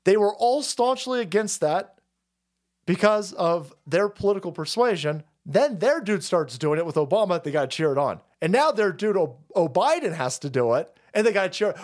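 A man's voice: high voice, sing-song, normal speed. A man in his forties ranting sarcastically on a political livestream, profane and mocking. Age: 40s.

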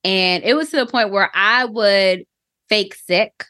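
A woman's voice: mid-range voice, bright, forceful tone, dry recording. Reflective woman telling her story, dry sound. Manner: reflective, halting, with many fillers. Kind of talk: personal storytelling on a podcast.

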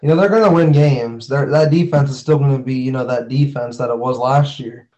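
A young man co-hosting a casual sports podcast, animated and slangy, laughing often as he talks. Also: mid-range voice, fairly quick, lo-fi sound. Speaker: podcast co-host.

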